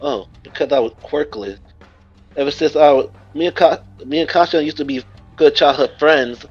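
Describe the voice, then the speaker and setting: A man's voice: a little high, normal speed, husky, muffled recording, faint music behind. Man doing a timid, polite teen boy.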